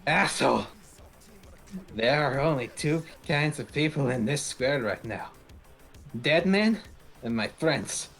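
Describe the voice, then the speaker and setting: A man voicing a brash, defiant adventurer who shouts taunts at a gunman in a tabletop game. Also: medium pitch, animated, slow pace, vocal fry, pauses often, faint music behind, full character voice. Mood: defiant shouting.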